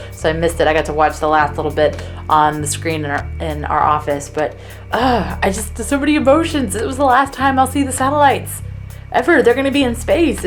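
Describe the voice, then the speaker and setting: A young adult woman talking to camera in a casual vlog, chatty and emotional, acting out her own quotes with lively swings. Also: on the low side. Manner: emotional, chatty, animated quoting. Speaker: vlogger, spacecraft engineer.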